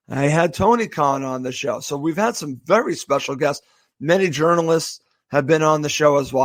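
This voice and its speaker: Guy hosting a show, emotional goodbye, fairly high voice, dry sound, keeps restarting. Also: no room sound. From Boston area, USA. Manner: halting, with repeated thanks and restarts. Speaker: podcast host. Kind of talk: heartfelt farewell monologue.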